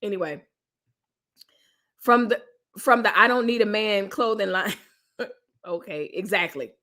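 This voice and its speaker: A middle-aged woman chatting casually on a live stream, animated and joking as she reads viewer comments. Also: medium pitch, measured pace.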